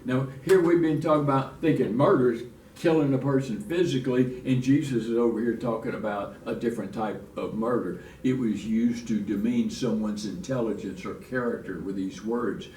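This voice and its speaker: A man's voice: mid-range voice, normal speed, hardly any pauses, darkish tone. A man teaching a church Bible lesson in a folksy, restarting way, reading scripture aloud. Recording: echoey room from far off, faint noise.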